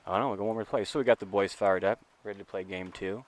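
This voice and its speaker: Animated, low-voiced man telling a story. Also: rapid-fire. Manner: animated storytelling, acts out quotes, profane rant. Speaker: podcast co-host, assistant youth baseball coach. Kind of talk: casual chat, storytelling.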